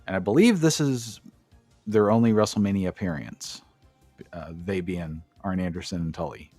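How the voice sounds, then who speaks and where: A lower-pitched man talks through a match recap with a casual, profane enthusiasm, jumping into play-by-play. His voice sits close and dry on the mic, with faint music somewhere underneath. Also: moderate pace, warm tone, no echo. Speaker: podcast co-host.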